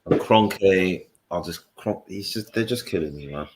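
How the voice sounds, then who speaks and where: Very deep-voiced weary man. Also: a little slow, a loud crowd. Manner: weary, grumbling. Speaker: co-host. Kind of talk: casual live watchalong chat.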